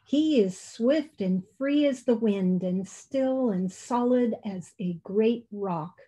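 A woman voicing a wise, quiet old female turtle in a storybook reading, speaking slowly and gently. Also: fairly high pitch. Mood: gentle. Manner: slow, gentle storytelling cadence. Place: church.

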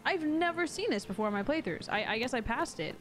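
A woman's voice: high-pitched, expressive, fast. Chatty, sarcastic woman streamer. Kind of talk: casual let's-play commentary. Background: game music.

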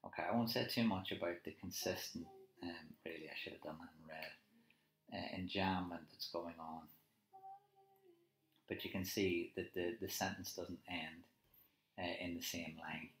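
A man's voice: sits low, fairly even intonation, moderate pace, fairly bright tone. A male teacher talking through a poem in a live annotation lesson, conversational and thinking aloud with tag questions. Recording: roomy echo with faint music.

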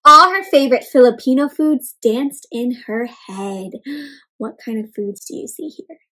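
A young adult woman doing an interactive read-aloud for kids, animated, gasping and asking the children questions. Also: sits high, unhurried. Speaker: children's storyteller.

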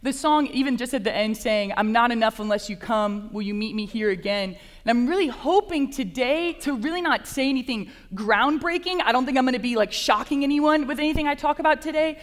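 A young woman with a lilt gives a chapel talk in a bubbly, chatty way, peppered with fillers. Her voice sits high. It rings out with the long reverb of a large hall. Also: a little fast, few pauses. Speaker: graduate assistant speaking at chapel.

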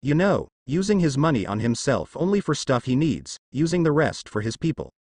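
Man reading as a bossy, scolding teen girl ninja, lively pitch. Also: a little fast, breathy edge, dry recording, studio quality.

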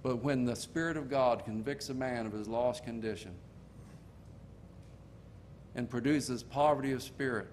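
Here the same kind of older male preacher tells homespun tales from the pulpit, his mid-pitched voice a little mellow. He eases his pace on purpose to underline each point, while a soft low rumble lingers in the background.

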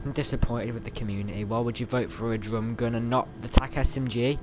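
A young man giving excitable live commentary over his gameplay, yelling at other players and grumbling when things go wrong. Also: medium pitch, fast talker, background noise. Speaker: gamer. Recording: game sounds loud behind voice.

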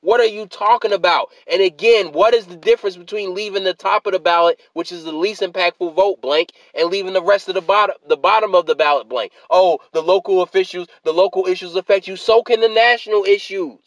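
A man's voice: high voice, brisk, few pauses, no room sound, low-quality recording. A man ranting in a video essay, exasperated and repeatedly demanding what people are talking about, tired after a work shift. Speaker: political commentator.

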